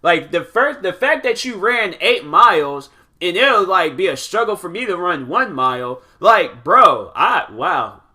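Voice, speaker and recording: A young man hosting his own show, rambling through stories in a casual, animated way with many restarts. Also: high voice, a little slow. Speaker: podcast host. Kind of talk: casual chat answering questions.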